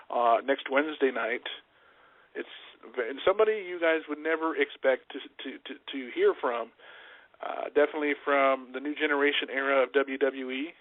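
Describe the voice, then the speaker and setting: A man's voice: mid-range voice, dry recording. A man co-hosting a casual wrestling radio show, rambling with fillers and restarts. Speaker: podcast co-host. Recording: tinny phone-line audio, dry.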